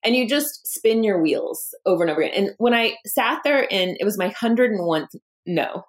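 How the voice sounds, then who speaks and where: Woman founder, 30s, candid and lively in interview, slips into quoted voices. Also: mid-range voice, moderate pace. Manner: animated, acts out quoted dialogue, laughs often. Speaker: founder and guest.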